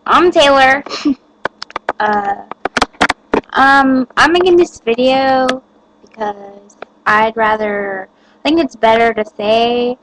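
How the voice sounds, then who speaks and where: A woman's voice: a little high, slight background noise, poor audio. A teenage girl chatting to the camera, giggly and rambling with lots of fillers. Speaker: vlogger. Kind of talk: casual chat to camera.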